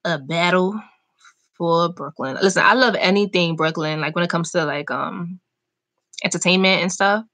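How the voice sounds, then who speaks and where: A young woman chatting casually on a live stream, reading and answering viewer comments in an animated, talkative way. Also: on the low side, normal speed. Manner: chatty, animated, talks back to chat comments. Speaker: vlogger hosting a live chat.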